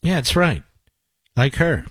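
A man's voice: a little high, big pitch swings, slow, slight background noise, poor audio. A man hosting a talk radio show, speaking emphatically and piling up repeated phrases for force. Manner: emphatic, forceful, building in repetition. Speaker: radio host.

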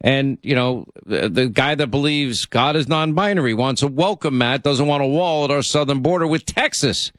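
Male talk radio host, emphatic and brisk, dry studio sound. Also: mid-range voice, a bit bright, dry recording. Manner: brisk, emphatic, many fillers. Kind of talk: talk radio monologue and banter.

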